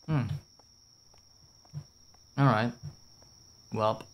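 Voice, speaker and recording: A man's voice: medium pitch, extremely slow, slight background noise. A young man with a French accent, rambling and chatting casually as he streams a game, swearing now and then and answering his chat. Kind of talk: casual gameplay commentary.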